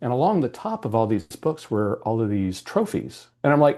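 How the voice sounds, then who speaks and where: Man, podcast guest, emotional storytelling, earnest, animated, mid-pitched voice. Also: moderate pace. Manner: animated, acts out quoted dialogue. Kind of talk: storytelling in a conversational interview.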